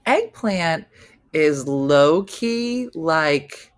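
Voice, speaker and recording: A woman's voice: low-pitched, lively intonation, drawn-out words. A woman in her fifties hosting a casual live chat, reading viewer comments in a chatty, teasing, playfully incredulous way. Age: 50s. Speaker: host.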